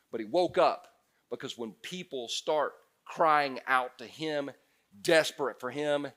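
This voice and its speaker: A male pastor preaching a sermon, animated, moving between loud bursts and hushed passages. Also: medium pitch.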